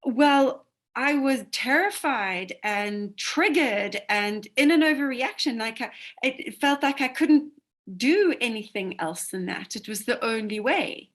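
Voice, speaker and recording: Slow-spoken woman searching for words. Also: fairly high pitch, lively intonation, a bit bright. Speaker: course teacher. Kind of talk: casual conversation.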